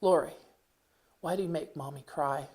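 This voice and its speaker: A stern father scolds his little girl in a calm, low voice, his anger held tight beneath the words, as a woman reading her own story puts him on. He repeats himself slowly and deliberately. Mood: stern scolding. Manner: calm but angry, repetitive scolding. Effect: played back from a cassette tape.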